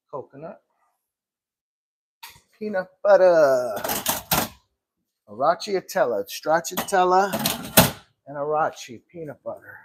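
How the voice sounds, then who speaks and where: A man with a fairly high voice talks slowly and casually to himself while he sets out gelato in his shop, clearing his throat now and then. Clicks and steady work noise sit clearly behind him. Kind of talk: casual live-stream chat while working.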